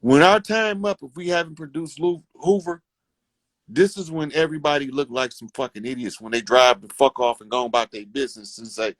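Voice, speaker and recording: A man's voice: mid-range voice, a little fast, a bit bright, no echo. A man giving a casual, preachy monologue to his community, fervent and profane as he lectures his listeners. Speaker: online speaker addressing his community.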